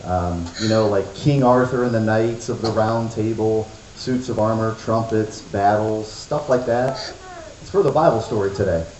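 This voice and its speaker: A man's voice: fairly low pitch, moderate pace, darkish tone. A man teaching at a children's church, easygoing and friendly as he talks with the kids. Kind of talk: casual talk, then storytelling to kids. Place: church hall before a crowd of kids. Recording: echoey hall.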